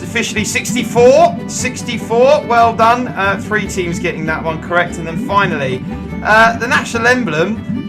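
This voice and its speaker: A man hosting an online pub quiz, chatty and jokey with loud bursts of excitement. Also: sits high. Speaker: quiz host.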